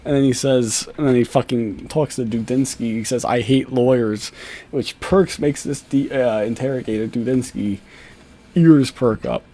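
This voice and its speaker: A man's voice: mid-range voice, moderate pace, mellow. Angry, profane man ranting. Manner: angry, profane, mocking, laughs scornfully. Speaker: YouTube commentator. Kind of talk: ranting video commentary.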